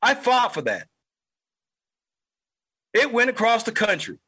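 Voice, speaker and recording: A man's voice: very high voice, huge pitch swings, unhurried, pushed and bright, slightly rough, rough recording. A man hosting a political podcast, delivering an angry, heated monologue and repeating lines for emphasis. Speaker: podcast host.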